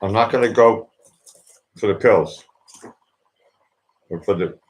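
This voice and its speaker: A man with a deep, low-pitched voice talks straight to camera in a loose personal monologue. He rambles, circles back and repeats his phrases as he works through his thoughts, earnest and heartfelt. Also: slow pace, dull audio. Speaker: vlogger.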